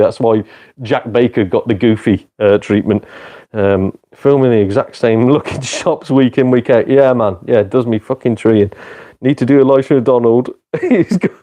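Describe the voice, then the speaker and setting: A man's voice: mid-range voice, dark tone. A British man hosting a casual gaming live stream, rambling and joking with heavy swearing. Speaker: retro games streamer.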